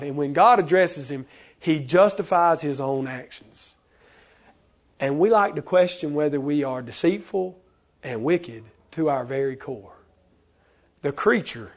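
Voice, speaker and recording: High-voiced lively male preacher. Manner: animated, acts out quoted voices. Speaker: pastor. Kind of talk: sermon.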